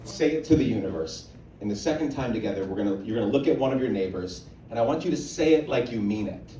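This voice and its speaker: A man's voice: lowish voice, warm tone, slight background noise. A man moderating a panel, rallying a live audience in earnest and leading call-and-response. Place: stage in a hall. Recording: roomy hall sound, distant mic.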